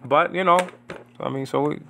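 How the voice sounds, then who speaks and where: A man from New York teaching a casual Greek Bible lesson at home, rambling and slowly repeating Greek words. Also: fairly high pitch, creaky, bright, forceful tone, a little hiss or hum.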